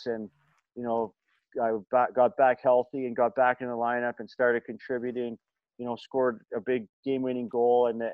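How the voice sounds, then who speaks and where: A man's voice: mid-range voice, no echo. A middle-aged man spins long, rambling stories in casual chat, circling back through fillers and false starts. His voice sits mid-range. The sound is dry and a little dull. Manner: rambling, many fillers and restarts. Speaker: podcast guest, former hockey player. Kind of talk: casual storytelling.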